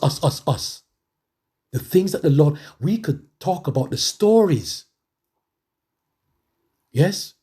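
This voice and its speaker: A man's voice: fairly high pitch, animated, slow, pauses often, mellow. A middle-aged man preaching a testimony sermon, conversational and emphatic, repeating phrases for emphasis.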